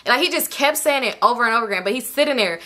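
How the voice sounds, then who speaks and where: A young woman telling a casual storytime to her viewers, animated and slangy, often addressing them directly. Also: on the high side, very fast. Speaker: storytime vlogger.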